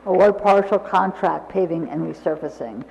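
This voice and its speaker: A high-pitched man with a mellow tone, reading ordinance titles as a council clerk in a brisk, formal way. The sound is dull, with a long echo from the chamber. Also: gravelly. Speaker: village clerk. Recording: dull recording in a large reverberant council chamber.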